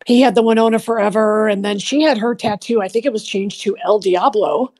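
A woman's voice: mid-range voice, fairly quick, darkish tone. A woman comedian in her sixties, a guest on an interview show, talking in a catty, sarcastic, gossipy way. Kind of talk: podcast interview.

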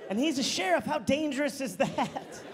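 A male stand-up comedian telling a true story on stage, quick and incredulous. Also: extremely high pitch, lively intonation, a crowd in the background. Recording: live audience, clear background noise.

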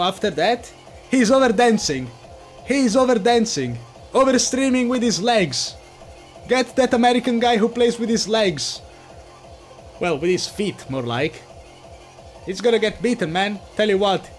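A male streamer with a high-pitched voice gives live reaction commentary, bursting into excited shouts then dropping to low mutters. He talks in an unhurried way, with faint music playing behind him.

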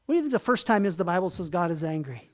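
A pastor delivers a folksy, conversational sermon, putting questions to the congregation and going soft and low at the tender moments. He's animated and talks at a racing speed.

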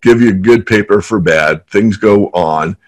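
A man's voice: fairly low pitch, a little slow. A man from the San Francisco Bay Area, a trader guest telling stories and jokes in a casual interview. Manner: animated storyteller, jokes.

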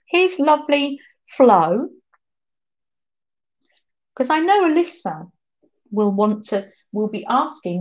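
Chatty woman, slow and lively. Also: sits high, muffled recording. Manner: chatty, reads viewer comments aloud and laughs often. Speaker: craft livestream host. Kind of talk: casual livestream chat.

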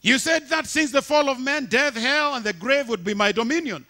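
A preacher doing an indignant, high-pitched Satan. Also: male voice, moderate pace, sharp tone. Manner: outraged demanding questions. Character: indignant male Satan, baffled and defiant.

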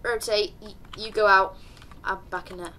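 A young woman, chatting through live gameplay commentary with sudden excited yelps and calls to her teammates. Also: medium pitch, normal speed, slight background noise. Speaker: streamer.

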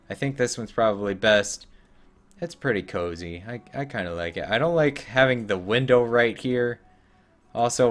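A man's voice: on the low side, a bit bright. A man streaming a video game, making casual, sarcastic commentary with joking asides. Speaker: gaming streamer.

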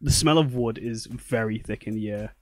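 A man's voice: fairly low pitch, normal speed. A man narrating as dungeon master, rambling with many fillers. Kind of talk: narrating a tabletop game.

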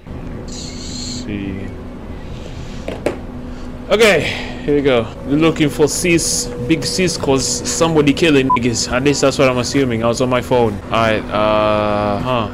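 A man giving excitable, swearing commentary over gameplay and reviewing the game. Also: medium pitch, measured pace, background noise. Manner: loud excitable outbursts, swearing. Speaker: gaming YouTuber.

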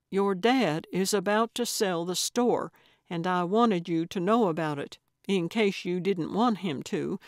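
A woman's voice: lowish voice, no echo, clean studio sound, natural voice. A woman voicing a bossy older female amateur sleuth who talks bluntly and pushily. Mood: earnest. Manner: brash, blunt and pushy.

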